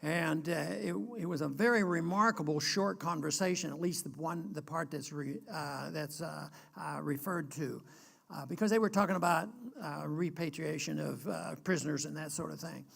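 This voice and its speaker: An older American man giving an earnest political speech, emphatic and halting with frequent restarts. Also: on the high side, gravelly, fairly bright tone. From United States. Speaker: guest speaker.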